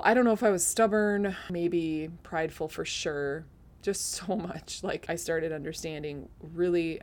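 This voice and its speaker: Low-pitched middle-aged woman podcasting her faith story, earnest, a bit teary, laughs at herself. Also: darkish tone, a little hiss or hum. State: teary-eyed. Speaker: podcast host. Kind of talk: faith testimony talk.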